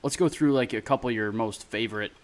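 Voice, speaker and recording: A man's voice: medium pitch, quick pace, over a noisy crowd. Easygoing man hosting a podcast. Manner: easygoing, joking. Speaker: podcast host. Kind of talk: casual chat.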